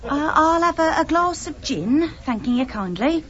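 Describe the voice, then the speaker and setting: A woman's voice: sits high, lively intonation, moderate pace, a bit bright, dull audio, pitched above the performer's own voice. A woman in a radio play putting on a chummy Cockney accent as a young typing clerk. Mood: coaxing. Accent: put-on Cockney. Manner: chummy, wheedling, overdone working-class talk. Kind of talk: radio drama acting.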